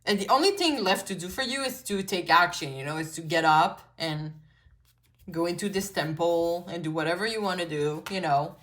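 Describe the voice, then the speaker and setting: A woman's voice: fairly low pitch, moderate pace, fairly bright tone. A woman whose first language is French gives a casual pick-a-card tarot reading, chatty and full of "like" and "you know" fillers, with frequent swearing. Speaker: tarot reader.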